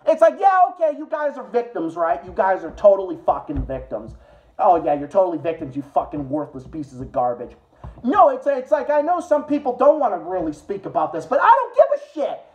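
A man's voice: high-pitched, sing-song, a little fast, a little mellow, dull audio. Young male commentator, furious and foul-mouthed, sarcastic, repetitive, ranting alone to camera late at night. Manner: profane, aggressive, repetitive, sarcastic. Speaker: political commentator. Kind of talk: angry late-night rant.

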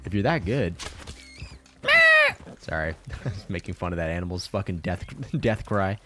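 A man's voice: sits low, moderate pace, long pauses. A man streaming a video game, chatting casually as he plays, swearing constantly and chuckling between remarks. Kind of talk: casual let's-play commentary.

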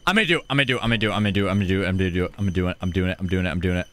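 A young man streaming a horror game, excitable, shouting and chatting to his viewers. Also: sits low, very fast, hardly any pauses, a little hiss or hum. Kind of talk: gaming let's play.

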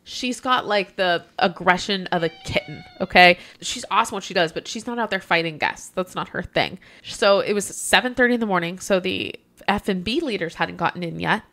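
Animated woman telling a work story. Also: lowish voice, a little fast, few pauses. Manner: animated, acts out the people she quotes. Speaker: hotel worker telling a guest story. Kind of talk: casual podcast storytelling.

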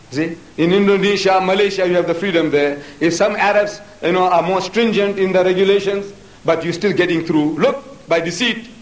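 A man giving a public religious lecture, emphatic, firing rhetorical questions at his audience. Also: high-pitched. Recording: echoey hall, voice from far off.

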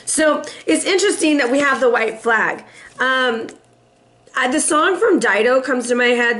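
A woman's voice: high voice, animated, unhurried, fairly bright tone. A woman doing a casual tarot reading in a sassy, playful way, laughing often and teasing her viewers. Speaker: tarot reader.

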